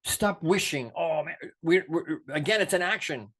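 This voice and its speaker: A middle-aged man delivering an off-the-cuff motivational talk with fervent passion. His voice sits a touch high for a man, and he drops quiet and low for reflection, then surges up to push a point hard. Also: moderate pace. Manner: passionate, preachy, swings from soft to emphatic. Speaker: motivational show host.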